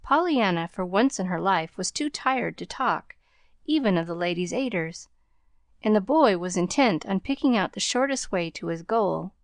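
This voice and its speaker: Woman reading an audiobook, calm and dry. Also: medium pitch, moderate pace, no echo. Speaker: audiobook narrator. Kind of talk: scripted narration.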